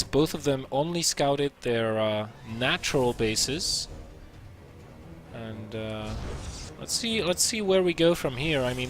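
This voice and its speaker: A man's voice: mid-range voice, noisy background. A man casting a strategy game match, chatty and self-deprecating, with lots of filler words. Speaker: esports caster. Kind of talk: play-by-play game commentary.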